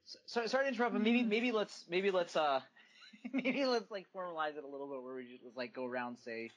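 Animated, higher-voiced man on a podcast. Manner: excitable, quick to jump in, laughs often. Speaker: podcast co-host. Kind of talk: casual movie review chat.

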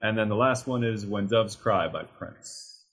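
An easygoing man co-hosting a casual podcast, rambling a little as he thinks aloud. His voice is low and husky. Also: unhurried, fairly bright tone. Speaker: podcast co-host.

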